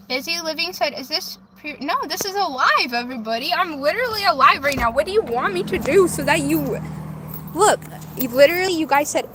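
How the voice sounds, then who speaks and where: A woman's voice: high-pitched, background noise. A woman livestreaming from a phone in her car, casually reading viewer comments aloud and chatting back. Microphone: phone camera.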